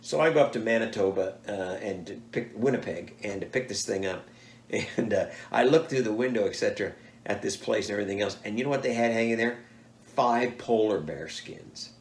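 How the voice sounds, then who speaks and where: A man's voice: on the low side, brisk, a little hiss or hum. Older man animatedly telling hunting tales. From United States. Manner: animated, acts out quoted people. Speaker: father telling stories. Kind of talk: casual storytelling. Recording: echoey room.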